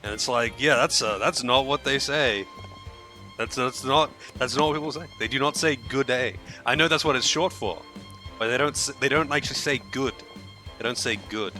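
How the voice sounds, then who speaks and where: Bright-voiced Australian streamer. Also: male voice, medium pitch, a little fast, soft background music. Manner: chatty, rambling, swears casually. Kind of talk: casual gameplay commentary.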